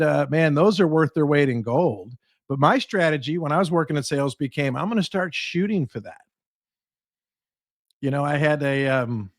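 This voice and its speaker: A sales trainer, guesting on a podcast, gives advice and acts out the people in his stories with animated quoted voices. His voice is fairly high-pitched, captured in clean studio sound with no room echo.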